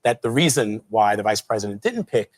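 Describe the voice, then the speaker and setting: A man's voice: fairly low pitch, animated, fairly quick, dry recording. A man interviewing a guest on television, asking a long question that stops and restarts.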